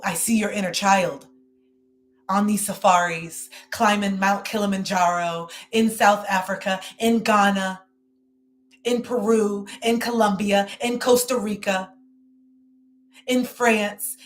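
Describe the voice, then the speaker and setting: Brief: woman, live-stream card reader, effusive and emotional, repeats herself, faint hiss and hum in the recording. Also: mid-range voice. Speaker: tarot reader and host.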